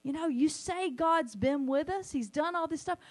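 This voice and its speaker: A woman preaching a sermon, animated, sometimes acting out the voices she quotes. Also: sits high, moderate pace.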